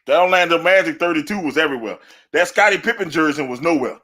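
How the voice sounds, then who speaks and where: A man co-hosting a sports podcast, talking in animated, laughing banter and trash talk. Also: a little high, fast talker. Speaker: podcast co-host.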